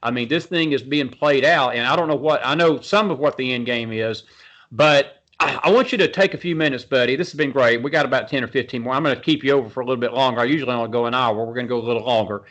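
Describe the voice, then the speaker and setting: A man's voice: medium pitch, fast talker, a bit bright. A middle-aged man hosting a talk show, speaking in an earnest, folksy, repetitive way. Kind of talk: conversational interview talk.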